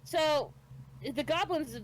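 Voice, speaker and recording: A chatty woman co-hosting a podcast walks through an anime episode in a loose, rambling way, stumbling over names as she goes. Her voice sits fairly high. A faint hiss runs underneath. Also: slow pace. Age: adult with children. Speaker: podcast co-host. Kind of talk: casual retelling of an anime episode.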